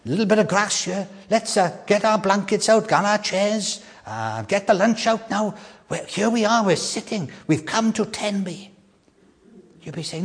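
Animated older man preaching in a reverberant hall. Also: high-pitched. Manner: animated, repeats words, stresses key questions slowly. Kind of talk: sermon.

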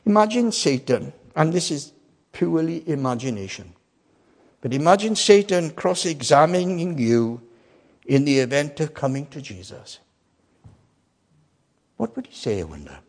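A man preaching a sermon with emphasis, swinging between loud declarations and quiet asides. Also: fairly high pitch, lively intonation, normal speed, long pauses. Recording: long reverb of a large hall.

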